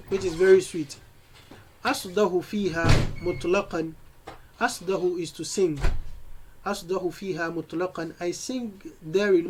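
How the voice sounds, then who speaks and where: A man's voice: sits high, rough recording. A man teaching an Arabic lesson, reading lines of a poem and explaining each word in English, with frequent restarts. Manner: reads verse slowly, then explains in English with restarts.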